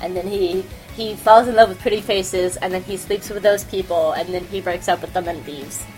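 A woman hosting a podcast, chatting casually and excitedly about anime, giggling and gushing as she talks. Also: on the low side, moderate pace, faint music behind. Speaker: podcast host. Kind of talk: casual anime review chat.

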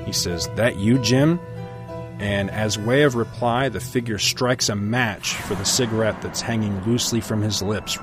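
A middle-aged man retells a western comic panel by panel in a relaxed, chatty storytelling way, dropping his own asides. His voice sits lowish. Faint music plays behind. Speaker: comic book reviewer. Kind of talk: casual comic book recap.

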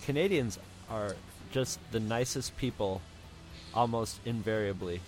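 Over soft background music, a man with a lowish voice speaks a little slowly as he co-hosts an anime podcast. He chats casually, telling rambling anecdotes and mimicking folksy drawls.

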